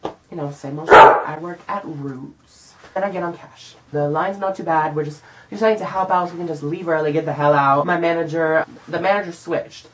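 A young man vlogging a casual storytime monologue, animated and profane, acting out what he said in the moment. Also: on the high side, normal speed, poor audio. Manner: animated and profane, acts out his own lines.

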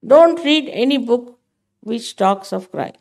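A woman's voice: on the high side, expressive, slow pace, creaky, darkish tone. An older woman giving a spiritual talk to her followers, emphatic and motherly, often scolding. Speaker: spiritual teacher.

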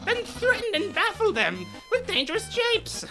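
A loud, theatrical skeleton who brags about his puzzles, voiced by a woman. The voice sits high and swoops wildly across its range. Game music plays underneath. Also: wildly swooping pitch, normal speed, heavily acted. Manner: grandiose, exclaiming, dramatic. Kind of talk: live fan voice-over of a game.

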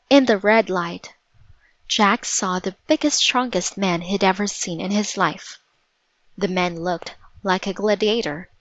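A woman narrating a storybook in a measured, vivid read-aloud manner. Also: medium pitch, fairly bright tone, no room sound, dull audio.

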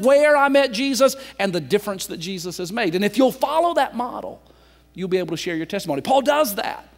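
A man preaching a sermon as pastor, swinging from loud emphatic lines to soft, slowly drawn-out phrases. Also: very high-pitched. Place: church sanctuary. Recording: church hall reverb.

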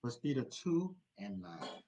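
A man leading a study, preaching in a repetitive, exhorting style that swings between loud urging and quiet prayer. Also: medium pitch, expressive, measured pace, low-quality recording. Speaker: Bible study teacher.

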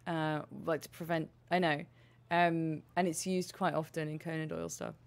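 A woman's voice: low-pitched, fairly even intonation, moderate pace. Profane, playful woman streamer. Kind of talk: casual gameplay commentary.

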